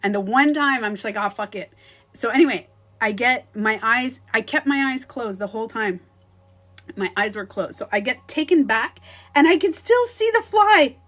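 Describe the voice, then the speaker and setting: A woman telling a story on a livestream in a casual, animated way, swearing now and then and acting out her own thoughts with lots of fillers. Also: a little high, normal speed. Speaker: beauty coach livestreaming to followers.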